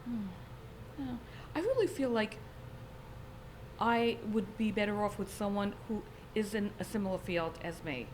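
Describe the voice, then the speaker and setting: A middle-aged woman with a Long Island accent, chatting as a podcast guest and telling stories in a lively, talkative way. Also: mid-range voice, measured pace, pauses often, a little hiss or hum. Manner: chatty, animated storytelling. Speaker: podcast guest, real estate agent. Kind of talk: casual chat.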